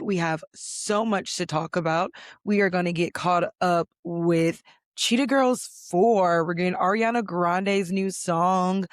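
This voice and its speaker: A woman hosting a casual solo podcast in a chilly office, hoarse with her voice mostly gone, chatty and rambling with a self-deprecating manner. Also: lowish voice, dry recording, studio quality. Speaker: podcast host. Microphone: computer recording setup.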